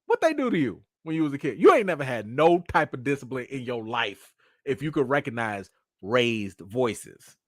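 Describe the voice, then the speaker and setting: Lively, animated man hosting live chat. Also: medium pitch, normal speed, no room sound, clean studio sound. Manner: animated, slangy, acts out quotes. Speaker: host.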